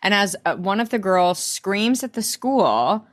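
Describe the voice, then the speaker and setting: A woman's voice: mid-range voice, very animated, unhurried. A young woman co-hosting a podcast, rambling and swearing through a casual episode recap with plenty of laughs. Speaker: podcast co-host.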